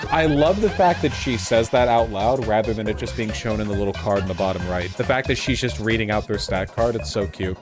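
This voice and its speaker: A man's voice: lowish voice, fairly quick, hardly any pauses. An American man chatting casually and joking as he streams a video game. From United States. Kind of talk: casual gameplay commentary. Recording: game music playing behind.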